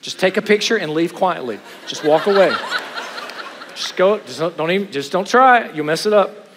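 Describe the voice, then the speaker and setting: Man, preacher, high-pitched, animated sermon, joking asides, long hall reverb. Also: moderate pace, background noise.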